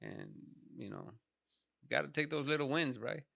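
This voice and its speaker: A man's voice: medium pitch, huge pitch swings, normal speed, vocal fry, sharp tone, no room sound, studio quality. A man hosting a casual podcast, talking in slangy, filler-heavy speech and swearing freely. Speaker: podcast host.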